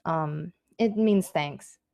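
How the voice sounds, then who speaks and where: A woman giving a casual online language lesson, chatty and loose with lots of fillers, saying practice phrases slowly and clearly. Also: sits low, no room sound, dull audio. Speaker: Japanese language teacher.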